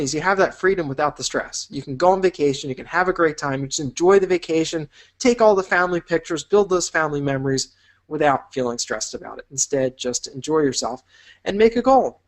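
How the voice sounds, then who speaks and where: A man teaching a business course in an upbeat, encouraging way, painting vivid imagined scenes for the listener. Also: a little high. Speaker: business instructor. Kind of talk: motivational teaching talk.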